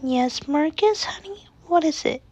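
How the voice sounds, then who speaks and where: A woman voicing a gentle, loving mother fox who speaks softly and soothingly to her cub. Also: high voice, expressive, measured pace, pitched above the performer's own voice. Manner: soft, soothing and protective.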